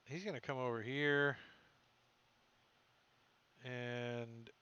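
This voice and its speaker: Slow, bright-voiced man running a game. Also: mid-range voice, steady tone, clean tone, dull audio. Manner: slow, offhand, thinking aloud while moving tokens. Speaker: dungeon master. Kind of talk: narrating a tabletop game online.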